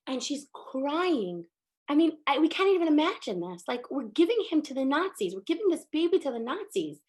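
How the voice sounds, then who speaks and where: A woman teaching a religious lesson through emotive, animated storytelling, with many casual fillers. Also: high voice.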